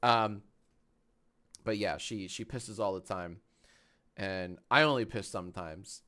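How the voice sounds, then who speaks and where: A man in his thirties chatting casually on a live stream from a small home office, animated and swearing freely. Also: lowish voice, slow pace. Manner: animated, swearing, baby talk to his dog.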